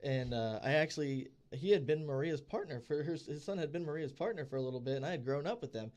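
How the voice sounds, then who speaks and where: A fast-talking podcast co-host with a fairly high pitch tells animated stories in a studio. He chats casually and plays out the people he quotes.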